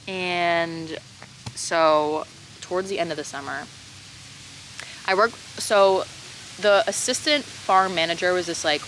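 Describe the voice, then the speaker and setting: A young woman in her twenties tells a story to camera, dramatic and loose, swearing and packing her sentences with "like". Her voice sits fairly low but sounds bright and forceful. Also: a little hiss or hum, rough recording. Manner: dramatic, heavy on "like" fillers and swearing. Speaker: vlogger telling a personal story. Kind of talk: casual storytime monologue.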